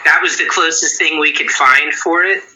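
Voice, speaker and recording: A man's voice: fairly high pitch, steady tone, moderate pace, sharp tone, poor audio. A man around forty, a guitar pedal builder, giving rambling interview answers with many restarts.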